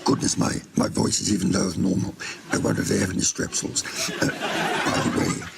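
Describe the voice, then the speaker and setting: A man playing a gravelly, deep-voiced royal lady. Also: sing-song, fast, heavily acted. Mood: genteel. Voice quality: very low, gravelly. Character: husky-voiced royal wife, compulsive shopper. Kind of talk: improvised comedy sketch. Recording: loud audience laughter and noise.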